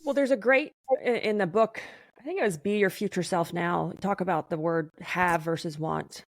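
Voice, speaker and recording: A woman hosting a conversational podcast interview, talking in an animated, emphatic way. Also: fairly low pitch, moderate pace, dry recording, clean studio sound.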